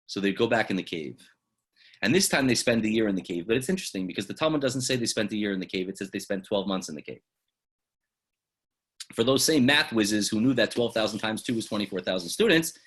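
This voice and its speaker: A man, a rabbi, teaching a lesson through dramatic storytelling that swings from loud exclamations to hushed asides. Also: lowish voice.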